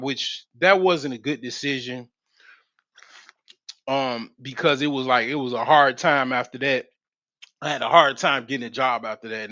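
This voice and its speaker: Bright-voiced rambling man on stream. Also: mid-range voice, dry recording. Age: 40s. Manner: rambling, slangy and profane, with many restarts. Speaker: livestream host. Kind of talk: casual storytelling on a livestream. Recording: slightly dull, dry lo-fi mic.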